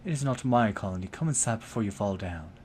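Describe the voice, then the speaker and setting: Man playing a bitter proud young woman, curt, guarded, low-pitched voice. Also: expressive, fast, darkish tone, slight background noise, natural voice.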